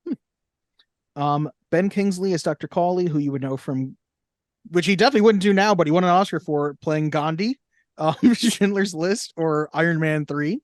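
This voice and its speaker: A man's voice: fairly high pitch, normal speed, no echo, studio quality. A young man co-hosting a movie podcast in casual chat, reading cast lists and review quotes aloud. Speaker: podcast co-host.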